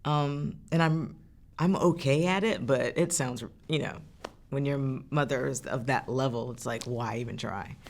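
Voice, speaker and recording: Earnest woman singer with a gravelly edge. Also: very deep voice, measured pace. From France. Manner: earnest, heartfelt storytelling with frequent restarts. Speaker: singer and songwriter. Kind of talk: candid interview talk.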